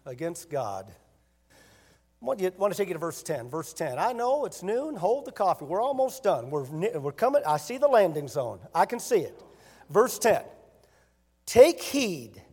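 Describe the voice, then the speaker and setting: Male pastor, emphatic sermon delivery, high voice, church hall reverb. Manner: emphatic preaching, rising to loud bursts.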